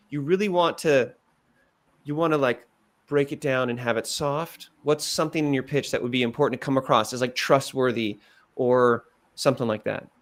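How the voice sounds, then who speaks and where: A man giving direct, animated feedback as a pitch coach, acting out examples as he goes.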